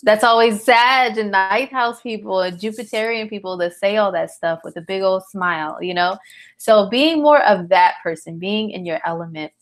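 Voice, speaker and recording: A woman's voice: medium pitch, moderate pace. A tired woman hosting a casual live astrology chat, talking in a slangy, chatty way and answering viewer comments. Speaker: astrologer host.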